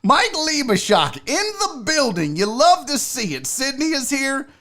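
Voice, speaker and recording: A man hosting a casual livestream, joking around, giving chat shout-outs and swearing freely. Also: extremely high pitch, sing-song, a little slow. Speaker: host.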